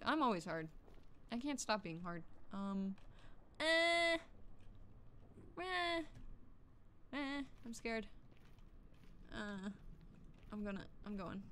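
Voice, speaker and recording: With a mid-range voice and a little background noise, a woman gaming streamer keeps up casual, profane self-talk during gameplay. She cracks jokes and yelps whenever she's startled.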